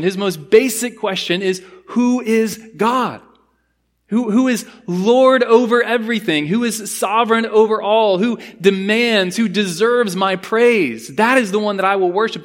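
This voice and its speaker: A man with a high-pitched voice delivers a sermon. He preaches earnestly and with emphasis, drawing out key phrases, and switches into a patient teaching tone when he explains the Hebrew words of a psalm. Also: a bit bright. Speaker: pastor.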